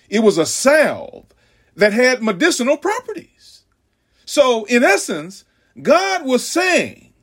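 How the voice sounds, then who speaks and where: A man preaching a sermon in a slow, drawn-out cadence, swinging from loud cries down to hushed whispers. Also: high voice.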